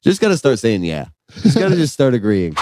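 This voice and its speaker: A man's voice: medium pitch, wildly swooping pitch, fairly quick, mellow, a little hiss or hum. A man, telling stories and laughing often as a comedy podcast co-host. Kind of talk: casual comedic storytelling.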